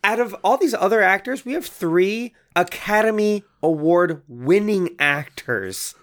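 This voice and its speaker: A man co-hosting a casual movie podcast, telling stories in a relaxed, rambling way. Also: sits high, a little slow. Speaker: podcast co-host. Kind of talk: casual chat.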